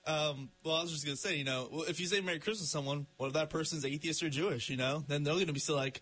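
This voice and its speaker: A man co-hosts a casual radio chat and argues his point. His voice sits slightly high. He leans on fillers and small restarts. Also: fast talker, hardly any pauses, a bit bright, poor audio. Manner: opinionated, many fillers like "you know" and "I mean".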